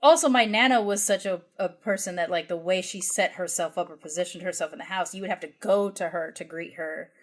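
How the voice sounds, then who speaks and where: A woman's voice: on the low side, a little fast, few pauses. An American woman co-hosting a podcast, telling a family story in a rambling, reflective, self-correcting way. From United States. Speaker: podcast co-host. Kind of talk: casual conversational chat.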